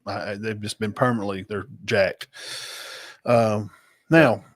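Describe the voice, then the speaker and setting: A man's voice: lowish voice, steady tone, measured pace. Folksy Southern man hosting sports talk. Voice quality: nasal, sinus-blocked. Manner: chatty, folksy. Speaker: host.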